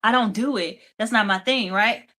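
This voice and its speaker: Tired, chatty woman with a bright voice. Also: on the high side, normal speed. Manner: chatty, repeats "okay?" and "right?". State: tired, yawning. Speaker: host of a devotional talk show. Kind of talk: casual devotional talk.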